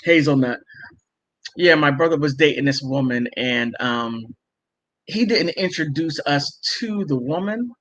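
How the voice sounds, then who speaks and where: A woman's voice: low voice, lively intonation, measured pace. A middle-aged woman hosting a casual livestream, chatting emphatically with viewers and laughing often. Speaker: livestream host reading viewer comments. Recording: muffled lo-fi stream audio.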